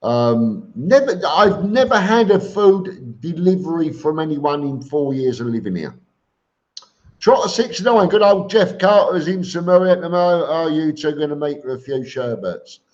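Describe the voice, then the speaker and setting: A man's voice: fairly high pitch, sing-song, normal speed, a little mellow. A middle-aged man with a Cockney accent, chatting bluntly as he reads out viewer comments on a live stream. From England. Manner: blunt, plain-spoken, with many ums and repeated words. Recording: dull lo-fi stream audio.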